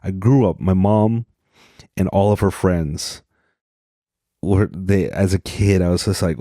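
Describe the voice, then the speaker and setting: Male podcast host from Utah, low voice, mellow tone, rambling self-deprecating comedy monologue, dry close sound. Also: unhurried, no room sound.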